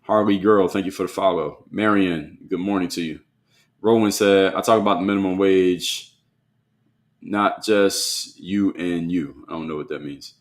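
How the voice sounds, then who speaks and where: A man's voice: low-pitched, normal speed. A man hosting a solo live stream, reading chat comments aloud and pushing back on them bluntly in a conversational way.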